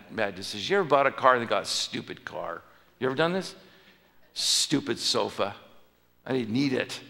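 Guy pastor giving a sermon in church, bright voice, long echo off the hall, keeps asking the crowd stuff. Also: medium pitch. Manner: conversational storytelling, asks the crowd questions. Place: church sanctuary.

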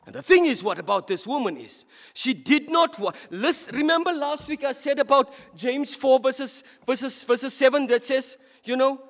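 High-voiced South African man preaching. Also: moderate pace, fairly bright tone. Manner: impassioned, with frequent stumbles and repeated words. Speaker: deacon preaching. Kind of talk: sermon. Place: church. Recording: reverberant church hall.

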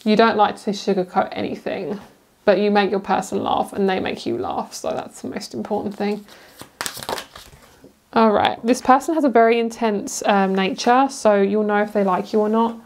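A woman's voice: medium pitch, steady tone, moderate pace, a little mellow, slight background noise. Chatty British woman reading tarot cards. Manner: chatty, giggly, rambling with fillers. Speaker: tarot reader. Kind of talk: casual pick-a-card tarot reading.

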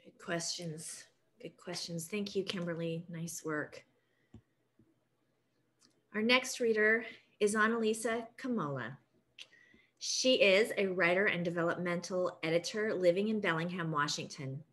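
A woman's voice: lowish voice, measured pace, pauses often, fairly bright tone. A woman hosting a group reading, reading out short introductions of each author. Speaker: host introducing readers.

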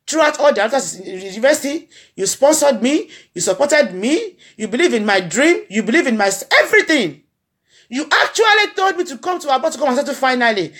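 Addressing her followers, a mourning woman with a Nigerian accent gives a heartfelt tribute in a slightly high, slightly rough voice. Like a preacher, she repeats her phrases as she speaks.

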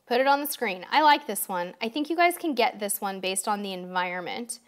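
Quick and medium-pitched, a woman hosts a quiz stream, chatting in a relaxed, upbeat way to the people watching. She sounds somewhat worn out.

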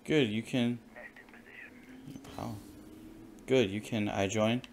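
A man's voice: on the low side, fairly even intonation, slow, darkish tone. A man streaming a game in casual chat, mumbling and easily distracted.

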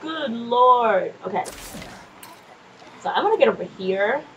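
A woman casually commenting on her gameplay, chatty and quick to swear, often laughing and talking back to the game's characters. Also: a little high, animated, gravelly, a bit bright, lo-fi sound, slight background noise. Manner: nervous and jumpy in scary moments. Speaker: gameplay streamer. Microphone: desk microphone.

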